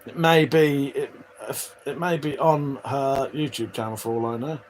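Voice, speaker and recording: Man, livestream host, casual chat, swears a lot, laughs often, mid-pitched voice, faint background noise. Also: steady tone, moderate pace, darkish tone, low-quality recording. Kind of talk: casual live chat reading viewer comments.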